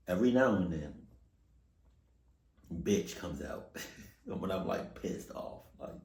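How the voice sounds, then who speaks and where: A man reacting to a video with loud, profane outbursts and low muttered asides. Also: expressive, slow, gravelly, long pauses, echoey room. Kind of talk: casual reaction commentary.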